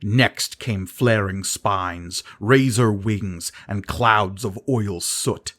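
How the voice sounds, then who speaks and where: A man narrating a fantasy audiobook in a measured, dramatic reading style. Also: fairly low pitch, a bit bright.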